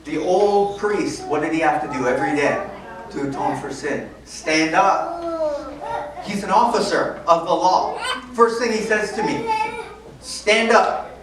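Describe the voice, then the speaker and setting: Animated woman preaching in an echoey hall. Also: on the low side, unhurried, a crowd in the background. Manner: animated, conversational, acts out dialogue. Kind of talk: storytelling sermon. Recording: echoey hall from far off, noisy.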